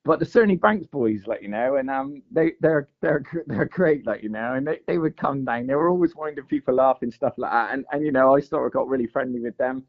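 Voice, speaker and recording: Bloke, rambling casual storyteller, mid-pitched, dull lo-fi sound. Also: male voice, brisk, few pauses. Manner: rambling, full of "mate" and "like" fillers. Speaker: guest angler. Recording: dull lo-fi audio.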